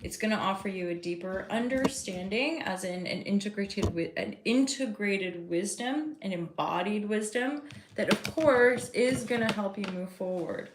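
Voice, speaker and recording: A woman's voice: mid-range voice, moderate pace, noisy background. A woman giving a casual live tarot reading, rambling and chatty as she talks to her viewers. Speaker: tarot reader and host. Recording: roomy echo.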